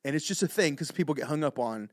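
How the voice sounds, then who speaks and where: A man's voice: a little high, lively intonation, fast talker, dry recording, clean studio sound. A man co-hosting a music podcast in casual chat, rambling and hesitant, with many fillers. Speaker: podcast co-host.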